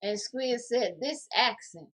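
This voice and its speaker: A woman co-hosting a casual podcast, reading viewer comments aloud in a jokey, animated way. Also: fairly high pitch, slow, breathy edge.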